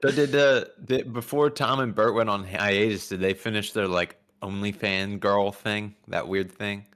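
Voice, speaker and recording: Laid-back low-voiced man chiming in. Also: steady tone, unhurried, a bit bright. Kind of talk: casual comedy podcast chat.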